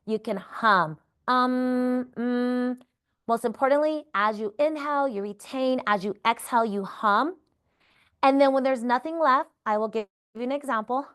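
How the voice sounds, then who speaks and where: Calm woman teaching breathwork. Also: fairly high pitch, normal speed. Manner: calm, encouraging, checks in with "right?". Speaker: yoga therapy instructor. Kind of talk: guided breathing instruction.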